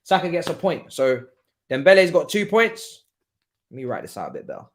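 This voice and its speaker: A young man hosting a live football watchalong, talking in an excitable, slangy way, laughing often and swinging from loud outbursts to quiet asides. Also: on the high side, brisk. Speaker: livestream watchalong host.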